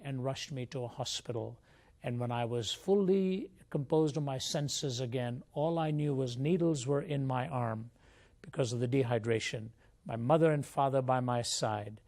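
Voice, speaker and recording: A man's voice: medium pitch, a little mellow. An older man from India, a guest speaker, giving an earnest, reflective personal testimony in an interview.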